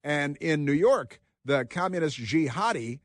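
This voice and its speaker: A man hosting a talk radio show, delivering combative, sarcastic commentary with frequent halting restarts. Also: a little high, animated, dry recording, clean studio sound.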